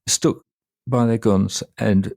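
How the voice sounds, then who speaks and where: A man co-hosting a podcast, chatting casually and telling stories in a relaxed way, laughing easily. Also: fairly low pitch, slow pace, gravelly, dry recording, studio quality. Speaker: podcast co-host. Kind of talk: casual chat.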